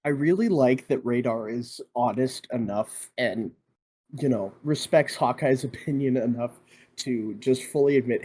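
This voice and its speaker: Brief: male podcast co-host, slightly husky, reflective and measured. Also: medium pitch, mellow. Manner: thoughtful, measured musing. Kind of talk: casual chat.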